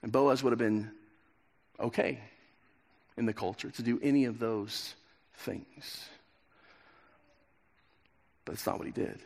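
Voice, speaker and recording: A man's voice: medium pitch, steady tone, a little slow, creaky, long pauses, a little mellow. A man in his thirties giving a sermon, retelling a story and acting out the characters' lines. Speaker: pastor. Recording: long reverb of a large hall.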